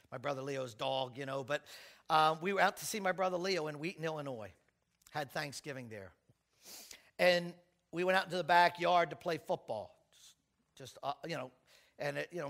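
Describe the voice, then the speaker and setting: A middle-aged man preaching a sermon in a church, telling stories and swinging from quiet asides to shouted praise. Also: fairly high pitch, vocal fry. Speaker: pastor.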